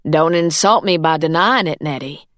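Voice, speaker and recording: Woman as a firm, cool employer, slow measured lines, dry sound. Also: sits low, no room sound.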